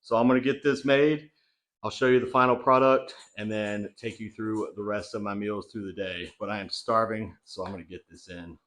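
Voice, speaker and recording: Young male vlogger, lowish voice, loose chatty kitchen narration with fillers. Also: steady tone, normal speed, fairly bright tone. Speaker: bodybuilding vlogger. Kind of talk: casual vlog narration. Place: home kitchen.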